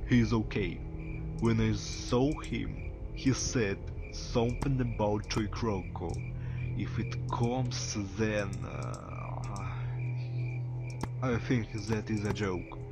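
A man voicing a king's chief servant in a game, speaking in halting, oddly phrased English with a Russian accent. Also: on the low side, vocal fry, over music, poor audio. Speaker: game phone caller. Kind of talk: game character voice.

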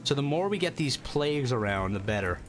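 A man with a Northern English accent giving casual, animated commentary on a livestream, swearing freely and laughing often. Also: medium pitch, fairly quick, a little hiss or hum. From northern England. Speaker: streamer.

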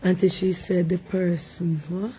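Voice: medium pitch, little pitch movement, a little slow, mellow, a little hiss or hum. A live-stream host with a Jamaican accent, casually chatting and sharply scolding commenters with repeated rhetorical questions.

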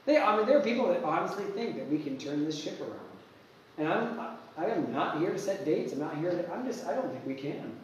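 Pastor guy preaching, kinda high voice, mic far off, super echoey church. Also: brisk, slight background noise. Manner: animated, acts out quotes, restarts often. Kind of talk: sermon. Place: church sanctuary.

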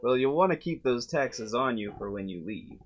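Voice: mid-range voice, animated, normal speed. A game master running a tabletop game, teasing the players with rules details and frequent laughter.

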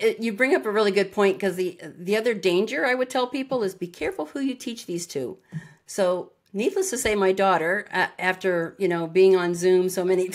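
A woman guest on a podcast interview, telling stories in a lively way and acting out the lines of people in them. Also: medium pitch. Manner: lively anecdotal storyteller who acts out dialogue. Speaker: interview guest, retired naval officer. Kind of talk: conversational interview.

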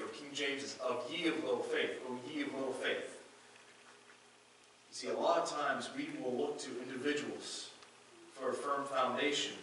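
A pastor preaching a sermon, reading scripture aloud and earnestly repeating key phrases. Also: male voice, medium pitch, a bit bright, a little hiss or hum. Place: church sanctuary. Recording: very echoey church hall, mic far off.

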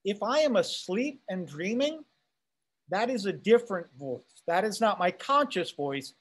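A man's voice: high voice, very animated, measured pace, fairly bright tone, slightly rough. A man teaching a class, reading a text aloud and commenting on it in a conversational way, asking rhetorical questions and checking in with his listeners.

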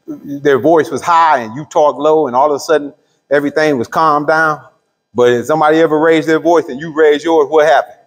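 A middle-aged pastor teaching a Bible study, asking the room questions and drawing out key words. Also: male voice, fairly high pitch. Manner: call-and-response questions to the room; drawls key words slowly. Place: church hall. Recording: long hall reverb.

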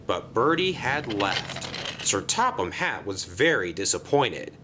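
A man narrating a children's story in a gentle, expressive way. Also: lowish voice, takes it slowly, a little hiss or hum.

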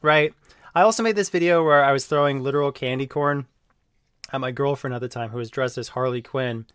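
A man's voice: medium pitch, a little fast, a bit bright, clean tone, no echo, clean studio sound. A man in a casual monologue, rambling and defensive, with lots of fillers and self-justification. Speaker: online video creator being reviewed.

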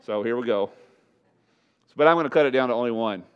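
A man preaching a sermon as pastor, his voice rising loud and slowing down to hammer points home. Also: mid-range voice, clear, resonant tone, muffled recording. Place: church sanctuary.

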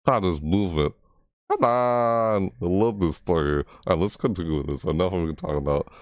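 A man hosting a reaction video, rambling casually with frequent restarts and excited asides, his voice cracking. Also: rumbling low, fast talker.

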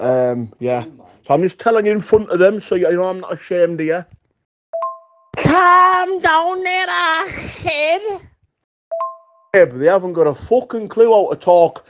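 A man's voice: fairly high pitch, mellow, poor audio. Rambling man, voice notes. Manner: rambling, swearing, affectionate pet names. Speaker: voice note sender. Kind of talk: casual voice messages.

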